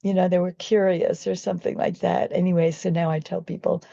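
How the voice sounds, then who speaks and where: A woman's voice: lowish voice, level tone, fairly quick, creaky, mellow, no room sound, highs cut off. A woman and vegan activist telling a personal story in an earnest, rambling way, often restarting her sentences.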